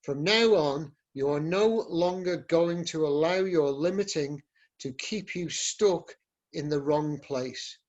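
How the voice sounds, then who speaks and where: A man's voice: fairly high pitch, slow pace, a little mellow, dull audio. A man, teaching a live yoga workshop in a loose, rambling, conversational way with many fillers.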